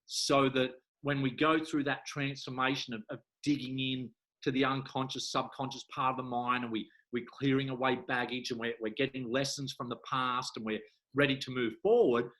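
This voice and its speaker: A man's voice: mid-range voice, flat delivery, moderate pace, fairly bright tone, low-quality recording. A man, a hypnotherapist guest, telling stories in a playful, jokey way. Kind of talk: casual chat.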